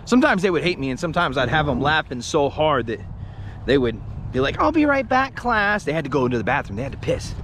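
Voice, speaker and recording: A man in his thirties vlogging outdoors in the woods, rambling, joking and swearing, getting excited over finds. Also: mid-range voice, fast talker, slight background noise. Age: 30s. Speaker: paranormal explorer vlogger. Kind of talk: casual outdoor vlog.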